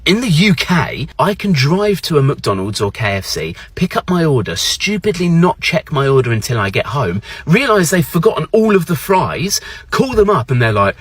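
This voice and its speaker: A British man telling a casual anecdote to camera, lively and mimicking other voices. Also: on the high side, normal speed, breathy edge, no echo. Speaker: vlogger.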